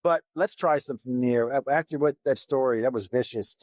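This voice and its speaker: A low-key man co-hosting a poker podcast, with a mid-range pitch. He mostly gives short replies and checks the records as he goes. The sound is dry and close to the mic. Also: a little fast, dry recording. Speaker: podcast co-host. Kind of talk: casual chat.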